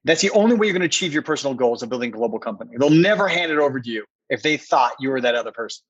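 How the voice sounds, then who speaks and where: A man sits as a podcast guest and tells a long personal story in an earnest way, repeating words for emphasis. His voice sits at an ordinary middle pitch. The audio is dry and slightly dull and muffled. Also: expressive, very fast, husky, dry recording. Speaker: podcast guest, company co-founder.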